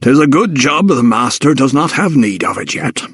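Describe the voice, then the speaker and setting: Narrator doing an Irish manservant, ex-army, low growl, quiet authority, dry close read. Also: male voice, lively intonation, normal speed, breathy edge, no room sound. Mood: softened. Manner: low, growling, sharp-tongued. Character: Irish male valet, ex-soldier, quietly stern.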